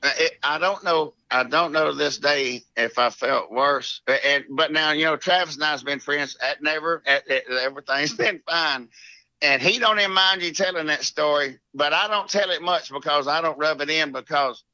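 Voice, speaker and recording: Middle-aged Southern man, Alabama drawl, animated storyteller, forceful bright tone, dry muffled audio. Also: on the high side, moderate pace, dry recording. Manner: rambling, animated, drawling with frequent laughs and restarts. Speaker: guest, former mini-tour golfer. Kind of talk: casual storytelling.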